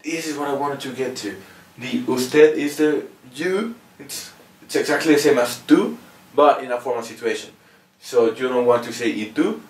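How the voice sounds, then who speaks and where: A language teacher with a Mexican accent and a mid-range voice gives a relaxed beginner lesson in a casual video, patiently pausing to ask "okay?" at the end of phrases. He sits a bit back from the mic, so the room echoes noticeably.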